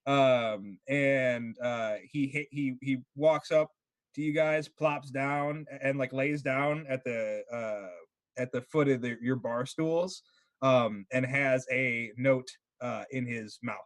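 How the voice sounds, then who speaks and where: A man's voice: mid-range voice, steady tone, slow, dry recording. A man running a tabletop game as game master, laid back and laughing often as he narrates.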